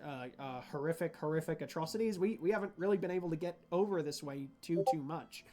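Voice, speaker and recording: A man voicing a halting, polite woman official. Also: sits low, warm tone, soft background music. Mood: hesitant polite. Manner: halting, polite, stumbling over words. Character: hesitant female official hosting a meeting.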